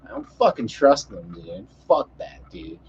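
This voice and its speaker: A man's voice: fairly high pitch, wildly swooping pitch, unhurried, vocal fry, slight background noise. A young man telling a story in a profane, heated rant, acting out the voices of the people in it. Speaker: podcast storyteller. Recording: muffled lo-fi audio.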